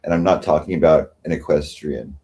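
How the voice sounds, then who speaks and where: A livestream host rants in a rambling, sarcastic way, full of self-pity and frequent mockery of others. His voice is a low rumble with warm tone, fairly even intonation, and a slightly fast pace.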